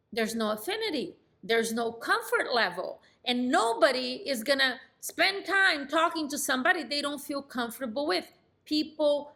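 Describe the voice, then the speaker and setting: A middle-aged woman coaching on sales in an animated, demonstrative way. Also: on the high side. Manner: animated and demonstrative, acts out phone calls. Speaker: real estate sales coach. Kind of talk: coaching lesson.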